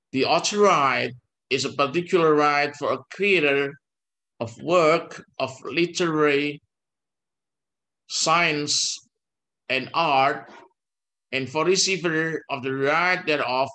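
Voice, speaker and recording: An older man delivers a university law lecture in English. He talks very slowly, halting and restarting often. His voice is bright and forward. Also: a little high. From Indonesia. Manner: slow and halting, with pauses and restarts; mixes in Dutch legal text. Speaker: law professor.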